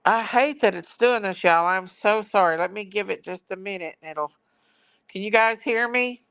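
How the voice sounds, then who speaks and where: A woman chats on a casual livestream from home, unhurried and a little flustered, always apologizing to her viewers. Her voice has a gravelly fry over a smooth, clear tone. The sound is close and dry. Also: medium pitch, a bit bright, no room sound. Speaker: true crime streamer.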